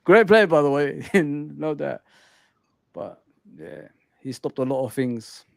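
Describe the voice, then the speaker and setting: A man who is a guest in a casual football fan chat. He is animated, repeats himself and often addresses the host by name. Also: fairly high pitch, slow pace, gravelly, dry recording.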